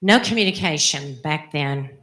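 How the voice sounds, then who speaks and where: An older woman, a religious sister, telling a personal story in an animated, emphatic way. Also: low-pitched, moderate pace. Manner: animated, emphatic, acts out quotes. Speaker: religious sister giving a testimony. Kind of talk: storytelling talk.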